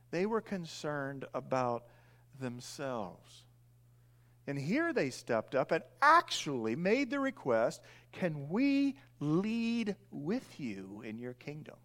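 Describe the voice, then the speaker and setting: Male pastor, middle-aged, high-pitched and animated, sermon with acted-out voices. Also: slow. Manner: animated, acts out the disciples' voices.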